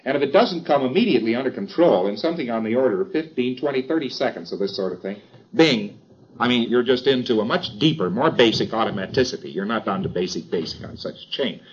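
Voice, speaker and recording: A man's voice: medium pitch, lively intonation, quick pace, slightly rough. Man lecturing on dull old tape. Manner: wry, chatty, emphatic asides. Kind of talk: informal lecture.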